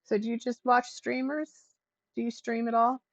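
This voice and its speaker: A woman's voice: on the high side, level tone, normal speed, no room sound. An older woman hosting a casual crafting livestream at home. She chats with her viewers and her pets as she works. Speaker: livestream host. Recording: dull lo-fi stream audio.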